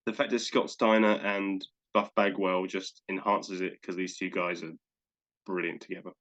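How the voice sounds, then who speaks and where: A man co-hosting a podcast in casual chat, enthusiastic and quick to act out little asides. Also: low-pitched, level tone, fairly bright tone, dull audio. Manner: enthusiastic, talks in bursts with quick acted-out asides. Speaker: podcast co-host.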